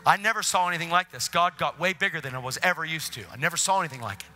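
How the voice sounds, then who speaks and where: A male preacher telling a lively story in his sermon and acting out the people in it. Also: fairly high pitch, rapid-fire. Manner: animated, acts out voices. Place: church.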